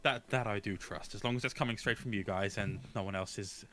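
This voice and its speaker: A man's voice: fairly low pitch, a little fast, fairly bright tone, lightly acted. A man voicing a prim, demanding patron in a tabletop game, stiffly formal. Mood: stern. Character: prim demanding male patron, polite then icy.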